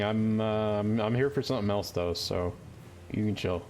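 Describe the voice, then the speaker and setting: A man's voice: lowish voice, normal speed, a little mellow, a little hiss or hum. A man streaming a game, with joking, profane, rambling commentary. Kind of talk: casual gaming commentary.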